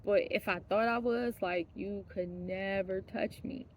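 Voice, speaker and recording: A woman's voice: mid-range voice, fairly even intonation, unhurried. Blunt, heated woman telling a story. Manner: blunt and profane, swinging between hushed asides and heated outbursts; laughs mid-sentence. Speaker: vlogger. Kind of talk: casual storytelling monologue.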